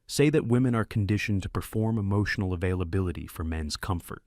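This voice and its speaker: A man's voice: deep voice, fast, darkish tone, no room sound, clean studio sound. A man narrating a first-person story in terse, clipped sentence fragments.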